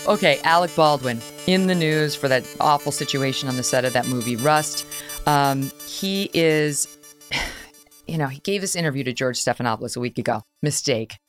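A middle-aged woman hosting a talk show, giving blunt, opinionated commentary with quick asides. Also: rumbling low, soft background music. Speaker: podcast host.

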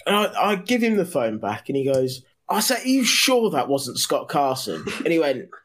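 A man's voice: fairly high pitch, sing-song, normal speed, a bit bright. English man telling a laughing story. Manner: laughing storyteller, swearing, quoting people in voices. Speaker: podcast host telling a story. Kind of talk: casual anecdote.

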